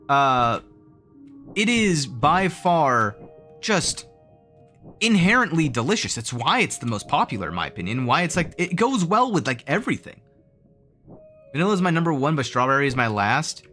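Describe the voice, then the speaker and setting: A man's voice: a little high, pushed and bright. A man streaming live, chatting casually with his viewers in a rambling way, full of restarts and fillers. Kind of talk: casual livestream chat with viewers.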